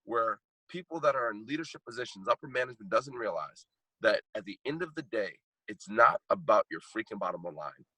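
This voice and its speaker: A heartfelt man sharing a personal story on a podcast, earnest and prone to repeating himself for emphasis. His voice sits low and sounds husky yet forceful. The recording is dry and close. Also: expressive, a little fast, no room sound, poor audio. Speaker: guest speaker and coach.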